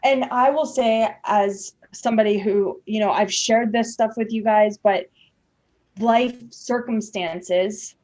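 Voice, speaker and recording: A woman's voice: a little high, takes it slowly, darkish tone, lo-fi sound. A woman hosting a podcast, talking candidly and chattily with many fillers and restarts. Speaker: podcast host. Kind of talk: candid conversational podcast talk.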